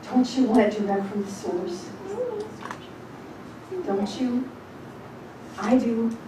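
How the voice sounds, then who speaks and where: A woman preaches an informal sermon to her congregation. She reads scripture slowly, then turns blunt and casual. She is far from the mic in a very echoey room with clear noise behind her. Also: on the high side, fairly even intonation. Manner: emphatic and blunt, shifting between slow scripture reading and quick casual talk. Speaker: rebbetzin teaching a congregation.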